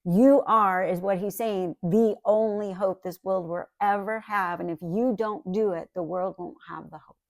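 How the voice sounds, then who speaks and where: A woman preaching a sermon in an earnest, emphatic way, breaking into chatty asides to her listeners. Her voice sits at a middle pitch. The sound is dry and close, with no room echo. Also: steady tone, normal speed, vocal fry, few pauses, a little mellow. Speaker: Bible teacher.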